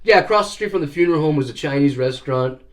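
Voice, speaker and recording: A middle-aged man telling stories casually on a vlog, cursing freely and growing animated. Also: on the high side, rapid-fire. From Canada. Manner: profane, animated storyteller. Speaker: vlogger. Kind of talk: casual storytelling.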